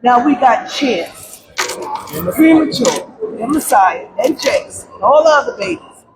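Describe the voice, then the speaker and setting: A middle-aged woman giving emotional public testimony at a press conference about her grief, pleading through tears and at times breaking into shouts. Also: fairly high pitch, lively intonation, a little slow. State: grief-stricken, close to crying. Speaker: grieving mother giving testimony. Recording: crowd noise at a press event.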